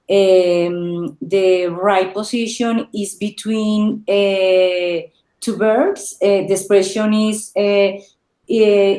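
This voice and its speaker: A woman student whose first language is Spanish, asking a grammar question in English with many hesitant "eh" and "um" pauses. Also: medium pitch, mellow. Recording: echoey room.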